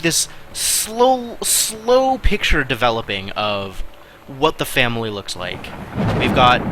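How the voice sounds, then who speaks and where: A man streaming a game, musing aloud in casual commentary with wry asides and quiet mutters. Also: medium pitch, background noise.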